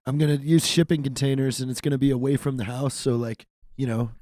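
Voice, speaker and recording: Man, podcast co-host, eager stammering talk, mid-pitched voice. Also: quick pace, no room sound, studio quality. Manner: excited, stammering restarts. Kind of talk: casual chat.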